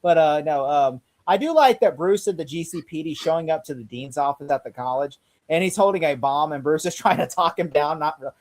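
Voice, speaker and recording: A man chatting casually as a podcast co-host, with a slightly raised voice. He talks in an animated way, laughs often and slips into lines of dialogue as he retells scenes. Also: fairly high pitch, brisk. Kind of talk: casual chat.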